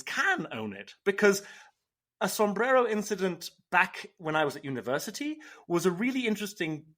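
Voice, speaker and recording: Young male co-host, chatty and animated, bright forward tone, lively pitch. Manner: animated, self-deprecating, restarts. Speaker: podcast co-host. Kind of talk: casual chat.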